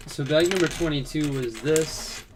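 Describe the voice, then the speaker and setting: A man's voice: fairly high pitch, moderate pace, background noise. Drowsy man chatting on a stream. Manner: relaxed, drowsy, laughs easily. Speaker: livestream co-host. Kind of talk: casual livestream chat. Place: home building room.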